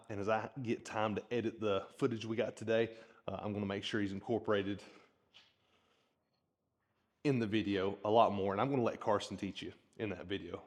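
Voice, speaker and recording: A man hosting a blacksmithing vlog, talking casually and earnestly, reflective and encouraging. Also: on the low side. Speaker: blacksmith and channel host.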